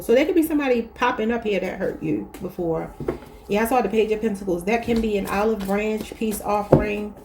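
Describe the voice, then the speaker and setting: A woman's voice: medium pitch, mellow, a little hiss or hum. A woman with a Baltimore accent, giving a casual, chatty tarot reading and talking straight to her viewers. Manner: chatty, addresses viewers as y'all. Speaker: tarot reader.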